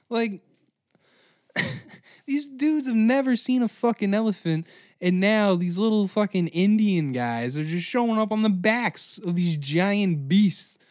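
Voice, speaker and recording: A man hosting a comedy history podcast, ranting in a profane, animated way. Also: high-pitched, slow, dry recording, studio quality. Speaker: podcast host.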